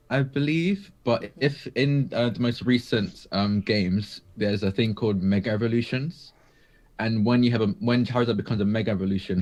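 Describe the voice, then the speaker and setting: A man guesting on a live stream in casual chat, hesitant, with many fillers and small laughs. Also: mid-range voice. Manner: hesitant, many ums and likes, chuckles.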